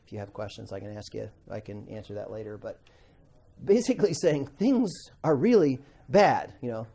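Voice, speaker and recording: A man teaching a Bible class to students, animated, acting out quotes and asking the class questions. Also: mid-range voice, normal speed, gravelly.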